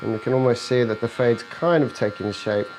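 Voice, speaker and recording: A man's voice: medium pitch, a little fast, darkish tone, a little hiss or hum, rough recording. Man narrating a barbershop haircut. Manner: explains each step while cutting, jokey with client. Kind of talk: hair-cutting tutorial narration with client chat. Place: barbershop, indoors. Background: faint buzz of electric clippers.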